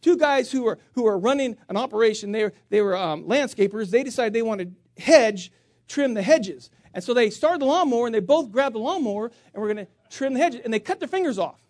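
A middle-aged man preaching, telling a story on himself with big swings between loud outbursts and quiet asides. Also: very high-pitched, fairly quick, no echo, studio quality. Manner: animated, self-mocking storyteller with voice swings. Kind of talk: sermon storytelling.

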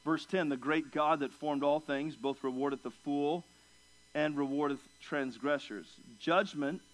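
A man preaching an expository sermon, moving from quiet asides to raised, emphatic passages and acting out the people he quotes. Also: low-quality recording. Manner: emphatic, swings from low asides to raised, excited delivery; acts out quoted speakers in pitched-up voices.

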